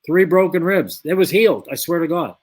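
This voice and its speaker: Briskly and in a slightly high voice, an ex-boxer guest relates a drawn-out story from the ring during an interview. He tells it with gusto, acting out the lines of both speakers.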